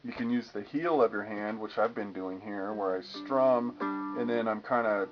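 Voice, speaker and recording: A man's voice: lowish voice, moderate pace. A man giving a casual guitar lesson, explaining strumming patterns and humming the rhythms as he demonstrates. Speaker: guitar teacher. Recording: lo-fi with guitar playing.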